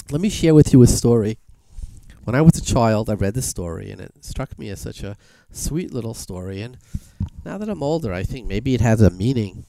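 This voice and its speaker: A man preaching a sermon and telling a fable, animated, with sweeping emphatic rises in his voice. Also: fairly low pitch, moderate pace, gravelly, no room sound. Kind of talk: sermon with storytelling.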